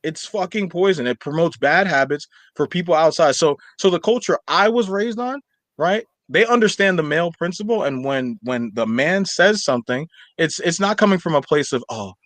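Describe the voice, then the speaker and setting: Young guy on a podcast, bit high voice, rambles a lot w/ fillers, super dry close mic. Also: moderate pace, no echo. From Nigerian household. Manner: animated, rambling with many fillers. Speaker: podcast co-host. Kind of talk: casual chat.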